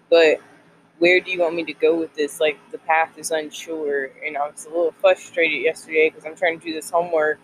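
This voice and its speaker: In a rough recording with slight background noise, a college student in their twenties shares a faith devotional in a medium-pitched, somewhat bright voice. The talk about faith and college life is casual and rambling, packed with filler words.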